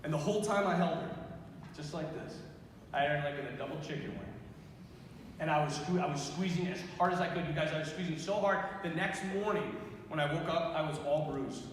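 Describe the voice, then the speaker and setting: A young male priest giving an animated youth talk, telling stories with quoted voices, in a large school gym. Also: a little high, brisk, very echoey, long reverb tail, slight background noise.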